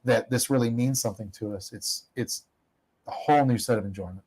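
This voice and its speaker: A middle-aged man who operates an oil company is interviewed as a guest, speaking casually and briskly in a medium-pitched, darkish, breathy voice. He rambles through long anecdotes, laughs at himself, and often restarts his sentences. The recording is rough.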